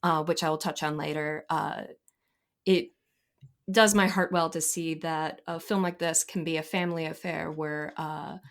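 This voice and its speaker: A woman's voice: low-pitched, steady tone, moderate pace. A woman arguing the defense on a movie podcast, playful and mock-formal. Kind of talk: comedic mock-trial argument.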